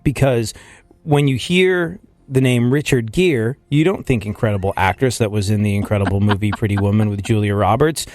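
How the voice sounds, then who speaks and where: A man's voice: lowish voice, moderate pace, a little mellow, dry recording, soft background music. A man hosting a casual comedic talk show, rambling and riffing with lots of restarts. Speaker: podcast host.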